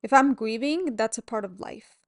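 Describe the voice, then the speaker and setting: A woman hosting a podcast as a yoga teacher, talking in a gentle, candid and reassuring way at home. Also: fairly high pitch, moderate pace, no echo, studio quality. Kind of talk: reflective solo podcast talk. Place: at home at a table.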